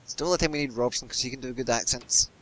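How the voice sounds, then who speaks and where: A man's voice: mid-range voice, racing, a little hiss or hum. Chatty man playing a game. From Scotland. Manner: chatty, joking, excitable. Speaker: gamer. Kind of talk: casual let's-play chat.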